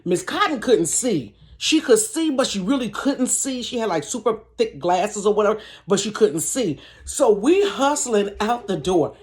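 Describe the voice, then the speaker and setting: A woman vlogger telling a story to her viewers in a casual, animated way, often laughing. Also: mid-range voice, moderate pace, hardly any pauses. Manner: animated, chatty, frequent laughter, addresses viewers. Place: bedroom.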